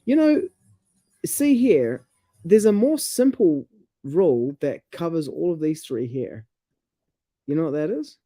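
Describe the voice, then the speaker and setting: A man talks casually about language, stopping and restarting as he reads passages aloud. His tone is deep and mellow, and the sound is close and dry. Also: very animated, a little slow, long pauses, no room sound.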